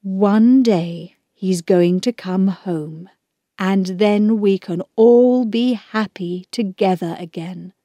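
Storybook reading: a soft-spoken, sad mother, read by a woman, slow and measured. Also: medium pitch, dry recording. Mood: gentle. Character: calm, quietly sad mother.

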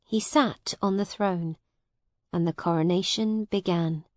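A woman narrating a storybook in a slow, clear, simple reading manner. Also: lowish voice, no room sound.

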